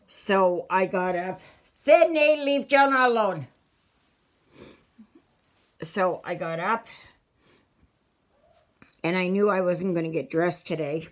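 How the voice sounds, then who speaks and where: A woman from Canada chats to her viewers in a slow, rambling way. She is a little out of breath and keeps stopping to restart her sentences. Her voice sits slightly low. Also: fairly bright tone. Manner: rambling, halting, many restarts. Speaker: stitching vlogger. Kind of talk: casual chat.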